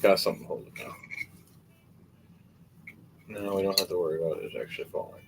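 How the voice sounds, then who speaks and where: A man running a tabletop game as game master, telling the story in a rambling, excitable and profane way. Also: sits low, a little fast, noisy background.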